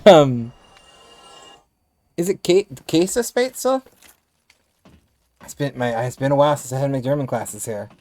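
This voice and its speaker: A man's voice: medium pitch, expressive, normal speed, pauses often, darkish tone. A man with a lisp, a game streamer from the United States, chatting casually with his viewers and thinking aloud with restarts as he plays. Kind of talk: casual chat with stream viewers while gaming.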